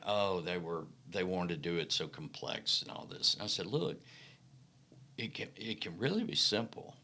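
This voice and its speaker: A middle-aged man from the Mississippi Delta in the American South, appearing as a podcast guest in a casual storytelling interview. His voice is deep and forceful, and he spins folksy, animated anecdotes, acting out the quotes.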